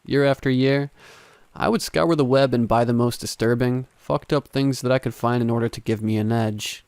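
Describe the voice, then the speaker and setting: A man narrating first-person horror stories in a steady, grave, scripted storytelling manner. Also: mid-range voice, moderate pace, clean tone.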